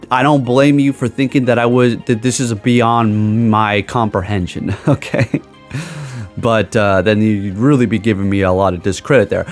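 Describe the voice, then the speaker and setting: A young man rants straight into a desk microphone in a casual vlog, rambling and sarcastic, breaking off his sentences and starting over. His voice sits at an ordinary middle pitch, and faint music plays under him. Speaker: gaming YouTuber.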